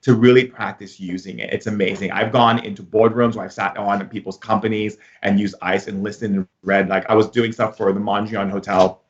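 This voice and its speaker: A man's voice: on the low side, flat delivery, brisk, few pauses. A man giving a casual spiritual lesson, rambling and full of filler words, recorded slightly muffled. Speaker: spiritual teacher.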